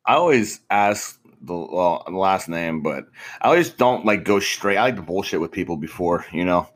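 A young man in his twenties with a fairly low voice chats casually. He rambles and swears freely. He peppers his talk with "bro" and frequent laughs. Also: expressive, moderate pace. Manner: profane, rambling, laughs often, says "bro". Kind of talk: casual chat.

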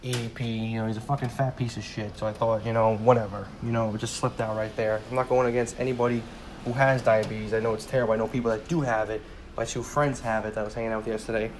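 A man's voice: fairly low pitch, flat delivery, fast talker, slight background noise. A twenty-year-old man ranting casually about a football game, heated, swearing often and repeating himself as he rambles. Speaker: sports fan vlogger.

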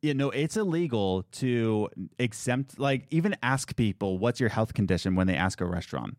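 A man tells a work story in a loose, chatty way, his pitch swinging widely as he acts out the people in it. He leans into sarcasm. The sound is dry and close, with no room around it. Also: moderate pace, dry recording. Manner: animated, sarcastic, quotes people in put-on voices. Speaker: restaurant worker telling a story. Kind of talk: casual storytelling chat.

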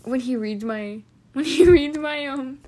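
Teen girl, casual chat, high-ish voice, giggly, rambling, slangy. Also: a little slow, dark tone. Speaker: friend chatting. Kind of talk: casual chat between friends.

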